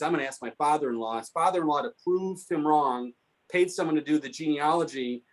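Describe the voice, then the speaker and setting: A man telling anecdotes at a history talk, answering a question and acting out the people he quotes. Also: fairly high pitch. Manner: animated, acts out quoted voices. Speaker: guest speaker on local history. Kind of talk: storytelling in a Q&A.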